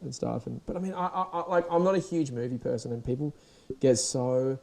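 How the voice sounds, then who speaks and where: A young Australian man talks alone into his podcast mic in a loose, rambling rant full of swearing and restarts. His voice is gravelly and dark, and it sounds sore and dried out today. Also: mid-range voice, fairly quick. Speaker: podcast host. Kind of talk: casual solo rant.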